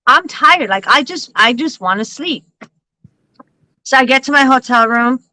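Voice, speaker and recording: A woman hosting a psychic-reading livestream, telling a story in an animated, laughing way and swearing freely. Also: high voice, unhurried, no echo, rough recording. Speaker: psychic reader and livestream host.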